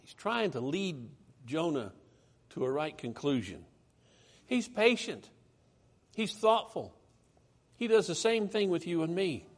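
Animated high-voiced preacher man. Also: a little slow, long pauses. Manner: animated, conversational, reads scripture aloud with rising emphasis. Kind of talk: sermon.

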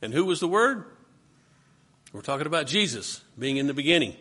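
A man teaches a Bible study class, asking his students question after question and steering them back to the text. His voice is bright and forceful with a husky edge. He sits a little higher than most men. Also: very animated, fairly quick.

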